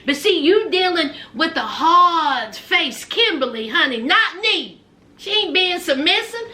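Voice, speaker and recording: Sassy, high-voiced woman. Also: pushed and bright. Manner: sassy, dramatic, calls viewers honey. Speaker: vlogger recapping reality TV. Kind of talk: casual recap vlog. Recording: echoey room.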